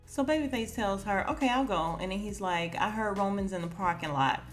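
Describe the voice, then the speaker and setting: A woman with a medium-pitched voice hosts a podcast, recapping an episode a little quickly over soft background music. She's chatty, laughs often and acts out the characters' lines.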